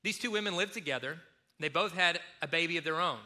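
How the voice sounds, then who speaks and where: A man preaching a sermon, retelling a story in a lively way and acting out the speakers. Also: fairly high pitch, quick pace. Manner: storytelling, animated, acts out quotes. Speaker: pastor.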